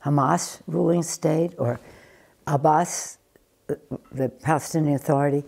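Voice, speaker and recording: An older American woman answering questions in a news interview, deliberate and emphatic, often restarting her sentences. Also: sits low, fairly even intonation, gravelly, a little mellow, husky. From United States. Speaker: interviewee, former politician.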